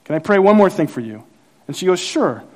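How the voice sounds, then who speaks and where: Animated storytelling pastor, a man. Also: a little fast. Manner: animated storyteller, acts out quotes, grows louder and higher as the story builds. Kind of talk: sermon with storytelling.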